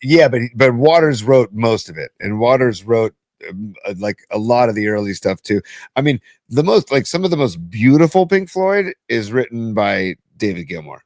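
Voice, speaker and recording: A man's voice: medium pitch, very animated, normal speed, darkish tone, dry recording. A man, co-hosting a casual podcast chat, rambling and musing as he talks. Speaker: podcast co-host.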